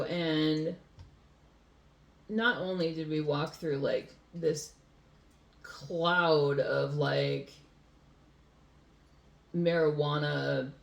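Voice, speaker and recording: American woman rambling through a story at home, slow and low-ish, lots of likes, echoey room. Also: vocal fry. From USA. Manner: rambling storyteller, many fillers, laughs easily. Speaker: podcast co-host. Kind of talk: casual chat. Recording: roomy home recording.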